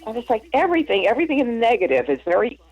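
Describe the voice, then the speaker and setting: Gravelly, husky man on dull radio audio. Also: extremely high pitch, racing, dry recording. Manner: animated, laughing, acts out quotes. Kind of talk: casual storytelling chat.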